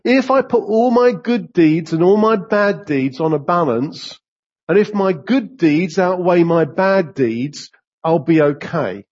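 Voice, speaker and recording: A man preaching a sermon, animated and rising sharply in pitch whenever he voices complaints to God. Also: husky, highs cut off.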